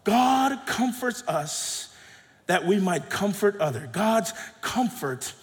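A middle-aged male pastor preaching a sermon with emphatic, dynamic delivery that swings between soft drops and loud rises. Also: sits high, lively intonation, slow pace. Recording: long hall reverb.

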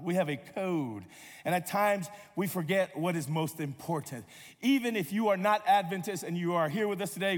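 A man's voice: fairly high pitch, big-room sound. A man pastor giving a sermon, telling stories with playful humor and acting out quotes. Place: church sanctuary.

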